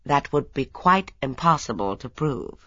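A woman reading an audiobook and voicing a brisk, blunt male doctor. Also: rumbling low, animated, a bit bright, no echo, highs cut off, heavily acted. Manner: blunt, matter-of-fact.

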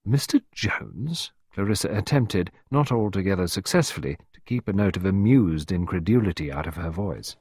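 Male narrator, husky, lowish voice, expressive range, dry close sound. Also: brisk, few pauses, no echo. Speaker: audiobook narrator. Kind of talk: scripted narration.

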